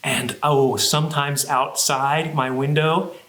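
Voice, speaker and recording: A man's voice: fairly high pitch, fairly even intonation, slow, fairly bright tone, roomy sound. A man who is a children's librarian, leading a cheerful sing-song music and movement session for young kids.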